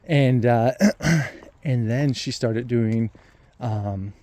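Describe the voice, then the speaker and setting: A man vlogging, telling a personal story in a reflective, hesitant way with many pauses and restarts. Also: medium pitch, darkish tone.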